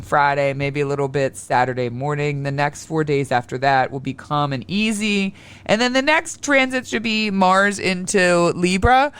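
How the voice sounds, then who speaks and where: A man with a clear, smooth, slightly higher voice hosts his own podcast. He talks loosely and rambles a bit, often jumping into small acted-out scenes with quoted voices. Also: fairly bright tone. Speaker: astrology podcast host. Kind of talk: casual solo podcast talk.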